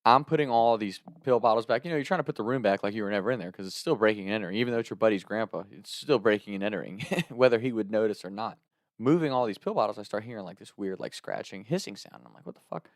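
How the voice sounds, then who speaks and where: A man telling a comic story on his vlog, animated and profane, laughing between lines, and turning earnest when he thanks his viewers. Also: lowish voice, fast talker, dry recording, clean studio sound. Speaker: storyteller and content creator.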